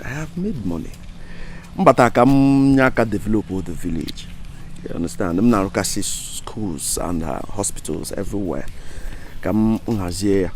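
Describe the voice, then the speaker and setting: A man's voice: lowish voice, moderate pace, a little hiss or hum, natural voice. A man playing a bragging rich Nigerian big man. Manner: bragging, flattering. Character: self-important wealthy man boasting of charity.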